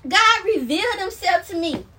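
Very high-pitched and animated, her pushed, bright voice moves at a moderate pace and sounds far from the mic. She's a self-described minister recording herself on her phone as she paces, giving viewers an emotional testimony that's fervent, repetitive and full of exclamations and laughs.

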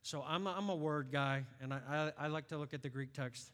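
A middle-aged pastor with a drawl delivers a sermon in a bright, ringing tone at a brisk pace, rising into shouted, high-pitched peaks. A long reverb from the church sanctuary fills out his voice.

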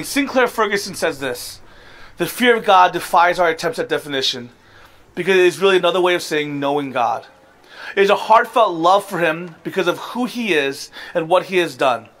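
A man's voice: high-pitched, fairly bright tone. A man in his thirties preaching a sermon as a pastor, earnest and building to impassioned appeals.

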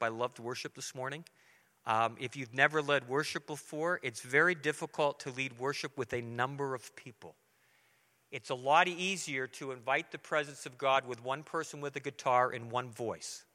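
With a bright, forceful tone at medium pitch and normal speed, a middle-aged man gives a sermon in a church sanctuary. Earnest and conversational with the congregation, he acts out dialogue, and the hall's reverb lingers long.

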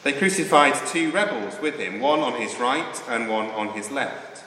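A man reading a scripture passage aloud in a church, in a clear, declamatory way. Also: mid-range voice, lively intonation, moderate pace, pushed and bright, slight background noise. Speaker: scripture reader. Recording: echoey church hall, faint ambience.

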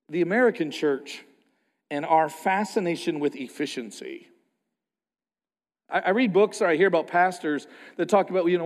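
A pastor delivers a sermon in a high, light male voice. He preaches with passion, dropping low and quiet, then rising loud. His voice rings with the long reverb of a big hall.

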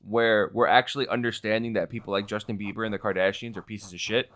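A man's voice: lowish voice, quick pace, no echo. A young man co-hosting a podcast, chatting crudely and rambling with lots of swearing. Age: young adult. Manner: profane, rambling, lively. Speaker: podcast co-host. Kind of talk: crude casual chat.

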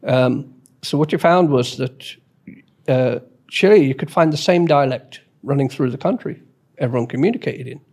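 A man with an average-pitched voice talks in a relaxed, casual way. He lays out his ideas reflectively, building his point step by step. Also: normal speed. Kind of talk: casual chat.

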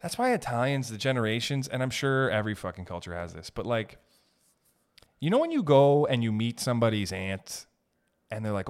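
A man hosting a solo podcast, telling stories in an animated, profane way and laughing as he talks. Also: mid-range voice, moderate pace. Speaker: podcast host.

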